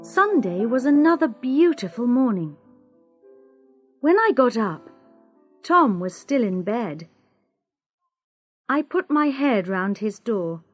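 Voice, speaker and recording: A woman narrating a graded-reader story for English learners in a slow, clear, expressive way. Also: a little high, faint music behind. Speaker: audiobook narrator.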